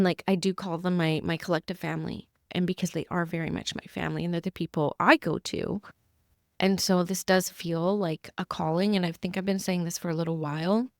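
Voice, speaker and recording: A woman's voice: on the low side, creaky, no room sound, clean studio sound. A woman speaking as a spiritual medium, sharing messages in an earnest, heartfelt, casual podcast talk.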